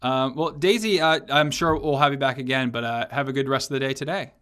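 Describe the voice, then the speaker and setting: A man's voice: medium pitch, brisk, fairly bright tone. A man hosting a business podcast, talking loosely with many fillers and restarts. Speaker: podcast host. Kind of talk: casual podcast interview.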